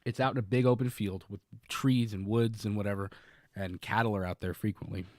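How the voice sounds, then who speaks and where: A man's voice: fairly low pitch, steady tone, fairly quick, darkish tone, dry recording, clean studio sound. A man co-hosting a podcast, telling a long story in casual chat, rambling with many fillers and restarts. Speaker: podcast co-host.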